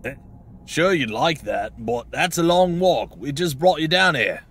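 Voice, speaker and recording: A man voicing a gruff, scornful male jail guard in a game, with a put-on accent. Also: fairly high pitch, lively intonation, normal speed, a bit bright, pitched above the performer's own voice. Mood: mocking.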